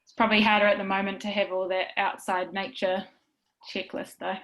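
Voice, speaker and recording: A woman's voice: medium pitch, level tone, a little fast, fairly bright tone, poor audio. A woman with a New Zealand accent, a guest speaker chatting on a video call in an upbeat, encouraging way. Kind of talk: casual video call chat.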